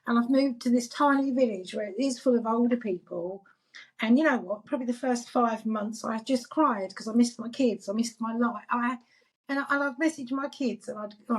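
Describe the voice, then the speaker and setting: A woman's voice: on the high side, moderate pace, breathy edge, rough recording. A woman from England chatting candidly and emotionally on a video call about missing her grown children. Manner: emotional, candid, acts out texts with her kids. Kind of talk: casual chat.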